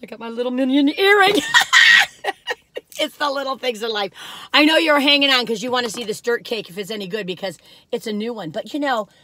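A woman's voice: fairly high pitch, animated, fast talker, sharp tone. An older woman chatting to her viewers in a rambling, talkative vlog from her car, with many asides and fillers. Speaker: vlog host reviewing cookies.

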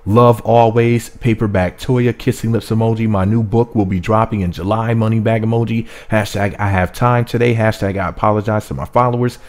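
A man reading as a furious sharp-tongued woman. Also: fairly low pitch, steady tone, a little fast, few pauses, close to an everyday voice. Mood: scornful. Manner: mocking, exaggerated dramatic reading.

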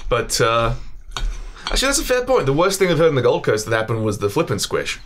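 A man's voice: mid-range voice, big pitch swings, brisk, a little hiss or hum. A young Australian man co-hosting a casual podcast, joking and swearing, self-mocking and laughing often. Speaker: podcast co-host.

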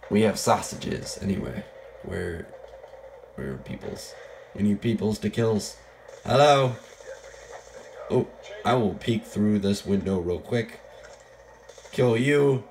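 Speaking a little slowly with vocal fry, this young man has a lowish, darkish voice worn down by illness, and a slight hiss or hum sits under the audio. He rambles through live shooter-game commentary, joking self-deprecatingly.

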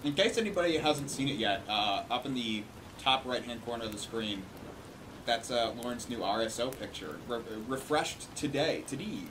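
Male streamer, lively up-and-down voice, casual and chatty, faint background hiss. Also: mid-range voice, moderate pace. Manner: casual, greets chat by name, swears. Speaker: livestream host. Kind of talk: casual livestream chat.

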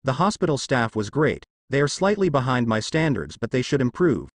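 A playful young woman ninja who loves to tease, as a man reads her lines. Her voice rises a little and moves with lively ups and downs, recorded dry and close. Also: mid-range voice, moderate pace, no room sound. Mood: teasing. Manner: teasing, cheery.

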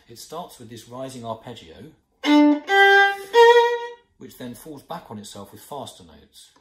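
A man's voice: medium pitch, roomy sound, low-quality recording. A man with a British accent giving a thoughtful, explanatory music lesson from his home. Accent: British English. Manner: thoughtful, explanatory, counts beats aloud. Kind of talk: informal music lesson to camera. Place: room at home.

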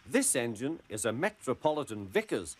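A man voicing a kind but firm older male steam engine who scolds gently, in a storybook reading. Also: mid-range voice, big pitch swings, moderate pace. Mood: stern. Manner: severe, fatherly.

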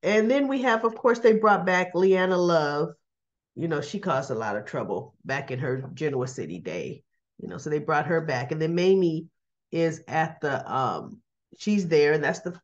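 A woman hosting a casual soap opera recap, chatty and quick to act out the characters' lines with little laughs. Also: on the low side, lively intonation, dull audio. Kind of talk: casual chat.

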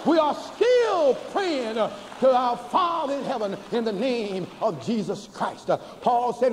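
An older man, a bishop preaching a sermon to a church congregation, folksy and humorous, slowing to chanted emphasis. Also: very high-pitched, animated, slight background noise. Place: large church before a congregation. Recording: hall reverb with faint ambience, cassette.

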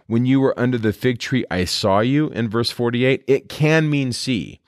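A man hosting a scripture podcast, reading verses aloud and explaining them in a relaxed, conversational teaching manner. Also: medium pitch, moderate pace, dry recording, studio quality.

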